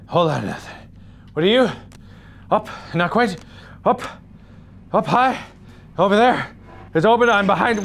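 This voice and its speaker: A man in his thirties doing chaotic VR game commentary on a headset mic, swinging between loud outbursts and sick, out-of-breath muttering. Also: high-pitched, animated, moderate pace, gravelly, long pauses, a little hiss or hum. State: nauseous and out of breath. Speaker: gaming video host.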